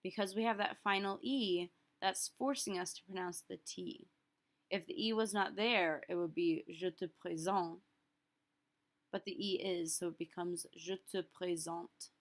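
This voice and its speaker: A woman with a medium-pitched voice leads a recorded French lesson, explaining phrases in a friendly, casual manner. She slowly repeats each phrase word by word so listeners can get the pronunciation.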